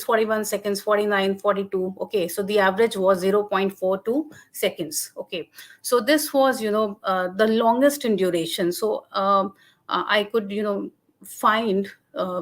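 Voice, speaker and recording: A woman giving an academic webinar lecture over a video call. She talks haltingly, with many fillers and restarts. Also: mid-range voice. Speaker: guest lecturer.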